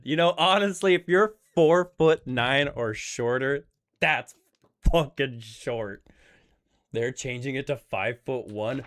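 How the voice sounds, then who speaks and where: A man streaming a multiplayer game, chatting casually in a blunt, profane, rambling way, with animated loud riffs and quieter asides. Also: medium pitch, measured pace. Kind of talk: casual chat while streaming.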